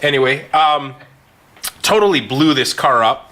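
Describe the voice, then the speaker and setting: A man telling a story in a casual podcast chat, animated, laughing often and using many fillers. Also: mid-range voice, unhurried. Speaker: physician podcast co-host.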